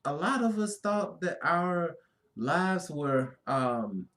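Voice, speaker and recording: A man co-hosting a casual spiritual talk, speaking in an easygoing, drawn-out way with frequent affirmations. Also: fairly high pitch, big pitch swings, fairly bright tone. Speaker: co-host.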